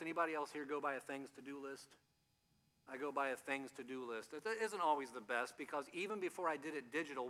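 A man's voice: mid-range voice, pushed and bright. A male pastor giving a sermon in a church. He tells stories in a conversational way, asks the congregation questions, and often stumbles and repeats words. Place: church sanctuary. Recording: long hall reverb from a church.

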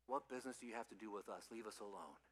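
A man voicing a band of desperate demons in a low, hushed, pleading tone. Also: racing, close to an everyday voice.

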